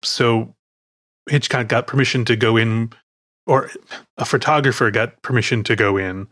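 A man's voice: medium pitch, steady tone, normal speed, fairly bright tone, no room sound, studio quality. A man hosting a film podcast in casual chat, rambling, correcting himself and laughing often. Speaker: podcast host.

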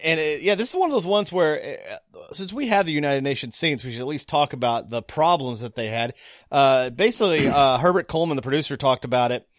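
A man's voice: a little high, lively intonation, fairly quick, dry recording, clean studio sound. A man co-hosting a casual film podcast, talking in a jokey, rambling way that often breaks off and restarts. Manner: jokey, rambling, self-interrupting. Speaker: podcast co-host. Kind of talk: casual chat about film.

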